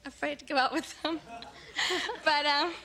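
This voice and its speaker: A woman's voice: high-pitched, slow, sharp tone. A young woman on a dating show, speaking a little shyly and hesitantly. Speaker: contestant.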